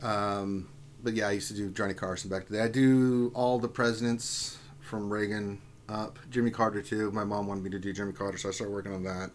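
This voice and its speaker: A man's voice: fairly low pitch, fairly quick, slight background noise. A man casually hosting a lunch-hour gaming livestream, reading viewer questions and bantering with guests. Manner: excitable, reads viewer questions. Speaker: livestream host.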